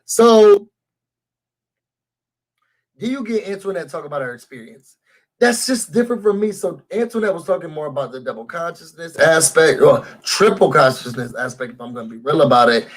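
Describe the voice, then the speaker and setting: A man with a high-pitched voice rants through a reality-show recap. His tone is husky and a little raspy. He talks animatedly and speaks straight to his viewers. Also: brisk. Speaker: YouTube show reviewer. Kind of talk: casual recap rant.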